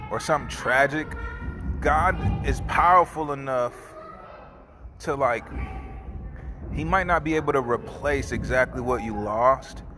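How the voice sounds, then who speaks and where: A man talking in a casual, heartfelt way, rambling with restarts, who then turns to earnest prayer. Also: mid-range voice. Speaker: barber and host. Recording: noticeable background noise.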